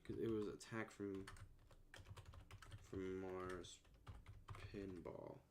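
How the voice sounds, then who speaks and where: A man chats on a stream in a relaxed, rambling way, his voice sitting a little low. His sentences often drift and trail off softly as he thinks aloud. He sounds close to a desk microphone. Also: very slow, a little hiss or hum. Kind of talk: casual chat.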